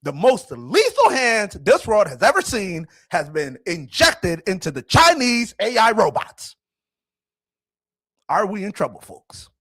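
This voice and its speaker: A man in his thirties hosts a casual commentary vlog, rambling and excitable. His fairly high voice leaps around with lively swings in pitch. The recording is dry and close, with no room sound. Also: a little slow, husky, no room sound. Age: 30s. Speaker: host.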